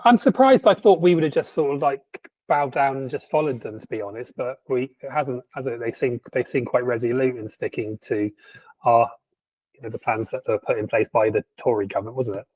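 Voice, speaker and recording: A man co-hosts a casual podcast, talking in an animated, sardonic way and tripping over his own restarts. His voice sits at an ordinary pitch, recorded close and dry with no room sound. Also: a little fast, no room sound, low-quality recording. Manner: animated, sardonic, stumbles through many restarts. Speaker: podcast co-host. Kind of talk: casual chat.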